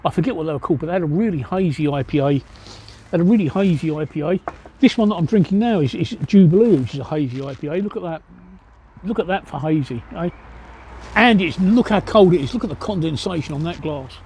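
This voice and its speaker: A man's voice: on the high side, expressive, quick pace, a little mellow, slight background noise. A Cockney man from East London livestreaming from an outdoor pub table, chatting bluntly with viewers and swearing freely. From East London, England. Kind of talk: casual livestream chat answering viewers. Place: outdoor pub seating by a street.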